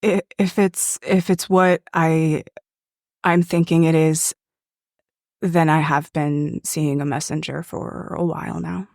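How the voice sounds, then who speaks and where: Nervous young adventuress, played by a woman, slow hesitant delivery with vocal fry. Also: sits low, fairly even intonation, a little mellow, no echo, clean studio sound, exaggerated voice. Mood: worried. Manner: hesitant, stammering.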